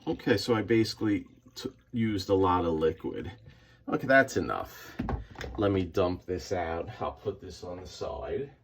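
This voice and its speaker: Low unhurried guy explaining comic restoration to the camera, chatty, repeats himself. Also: expressive, slight background noise. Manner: chatty, talks to viewers as he works, repeats himself; makes squeaky sound effects in a high voice. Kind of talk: casual hands-on tutorial.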